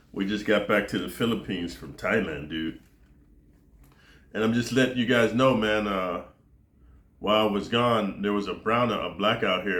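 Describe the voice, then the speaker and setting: A man's voice: lowish voice, a bit bright, a little hiss or hum. American dude talking to camera, keeps saying man and dude, swears a lot, echoey room. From United States. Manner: rambling, profane, peppers speech with dude and man. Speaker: vlogger. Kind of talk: casual to-camera monologue.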